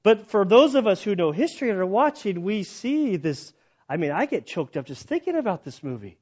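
Guy preaching casual-like, kinda high voice, rambling story style, dull muffled sound. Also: sing-song, fairly quick, a little mellow. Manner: storytelling, chatty, full of "like" fillers. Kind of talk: conversational sermon.

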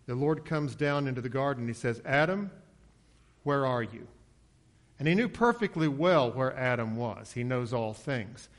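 A man's voice: lively intonation, moderate pace, few pauses. A man preaching an expository sermon in a conversational way, acting out the quoted lines in a lifted voice. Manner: conversational, acts out quotes with raised pitch.

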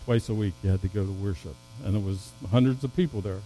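A man preaching a sermon as pastor, swinging from loud emphatic peaks down to low, soft passages, with stumbling restarts. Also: fast talker, rough recording.

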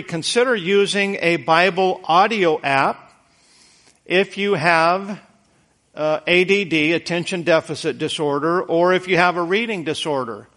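Man, preacher, fairly high voice, earnest, folksy, conversational sermon, repeats words for emphasis. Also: fairly bright tone.

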